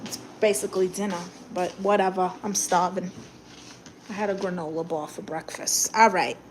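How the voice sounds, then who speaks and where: Her voice fairly low, dark and steady at a normal speed, a woman with a New York Brooklyn accent runs a relaxed live stream in character as a funny aunt. She chats sassily, responds to viewers and eats, with slight hiss or hum in the background.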